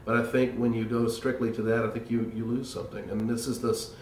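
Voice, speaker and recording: A man's voice: mid-range voice, level tone, a little fast, darkish tone, far from the mic, slight background noise. A man earnestly telling stories about his church upbringing in an interview. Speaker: choir member. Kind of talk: reflective interview talk. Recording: roomy, off-mic with faint ambience.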